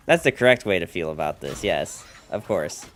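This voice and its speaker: A man's voice: sits low, animated, normal speed, faint music behind. Chatty American man streaming a game. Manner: chatty, playful, jokes with chat. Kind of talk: casual gameplay commentary.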